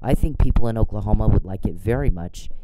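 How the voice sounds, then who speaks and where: A man's voice: on the low side, quick pace, noisy background. A man talking in a casual, blunt and profane rant, sounding exasperated. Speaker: commentator.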